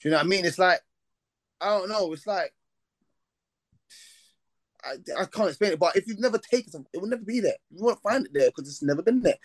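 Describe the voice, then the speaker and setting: A man on a boxing talk panel, speaking passionately and forcefully about his views. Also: high-pitched, expressive, fast talker, pauses often, dry recording. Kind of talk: casual panel discussion.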